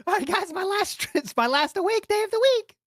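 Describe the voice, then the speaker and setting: A woman's voice: lively intonation, fairly quick, no echo, clean studio sound. A woman voicing a sleepy young streamer who pleads with viewers for support before bed. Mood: pleading. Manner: whiny, high-pitched.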